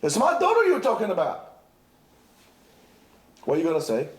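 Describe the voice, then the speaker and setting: A man's voice: high voice, wildly swooping pitch, moderate pace. A man teaching a Torah lesson at a yeshiva, impassioned, repeating himself and restarting phrases. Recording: echoey room.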